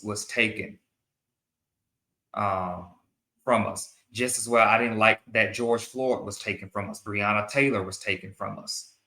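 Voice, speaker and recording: Slow, earnest man in an echoey room. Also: on the low side, sharp tone. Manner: earnest, repeats and restarts phrases. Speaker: show host. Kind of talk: opinion commentary monologue.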